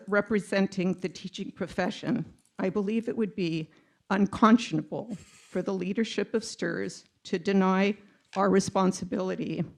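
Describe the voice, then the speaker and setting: A woman's voice: medium pitch, creaky, darkish tone. A retired teacher in her sixties reading an earnest, emotional public comment to a committee, with some ums. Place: public meeting room.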